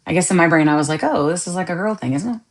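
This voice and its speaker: A woman podcast host with a fairly low pitch talks very fast while chatting casually with live stream viewers. She's animated, laughing often and tossing in jokey asides.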